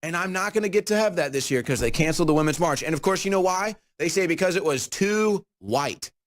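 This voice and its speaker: A man's voice: a little high, lively intonation, fairly quick. A man hosting a commentary show, talking in a sarcastic, mocking way. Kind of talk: opinion commentary monologue.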